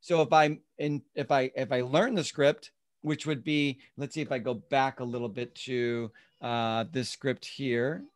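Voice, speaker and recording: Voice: medium pitch, steady tone, unhurried. An instructor teaching an online class over a video call, explaining step by step and acting out sample lines. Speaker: real estate class instructor.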